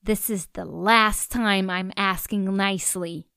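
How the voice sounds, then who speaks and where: A woman's voice: mid-range voice, steady tone, measured pace, gravelly, pushed and bright, clean tone, no room sound, clean studio sound. A woman voicing an angry, sulky eighteen-year-old young man who demands and growls. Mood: demanding.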